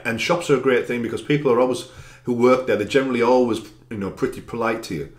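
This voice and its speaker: A man's voice: medium pitch, fairly even intonation, quick pace, roomy sound. A man working as an anxiety coach gives a direct, encouraging self-help talk, stressing chosen words with extra volume.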